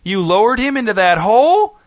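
Man putting on an anxious, high-voiced young boy. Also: sing-song, fairly quick, dry recording, studio quality.

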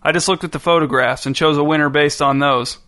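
A man's voice: on the high side, steady tone, a little fast, bright, forceful tone. A man voicing a curt, irritable male TV host in a storybook reading. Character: grumpy, impatient male TV host.

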